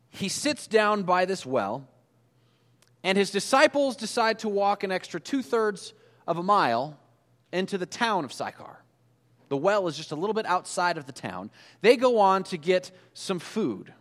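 Male pastor, conversational sermon delivery, slightly high voice, big reverberant hall. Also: a little slow. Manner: conversational, animated storytelling.

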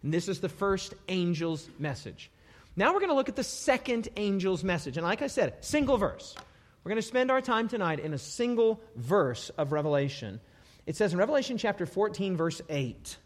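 Male preacher, emphatic and dramatic, animated high delivery, long hall reverb. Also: brisk. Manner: emphatic, dramatic scripture reading with sudden loud bursts. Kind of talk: sermon.

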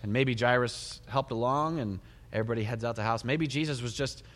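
A middle-aged man, a pastor, giving a sermon, retelling the story with animated storytelling and soft laughs. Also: mid-range voice, fairly quick. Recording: long hall reverb.

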